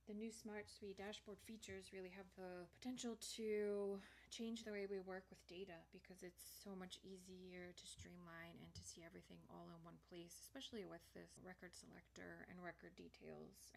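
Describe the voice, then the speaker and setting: A woman hosting a software tutorial, chatting casually as she clicks through features on screen. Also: mid-range voice, creaky, a little hiss or hum. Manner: casual, chatty walkthrough with fillers.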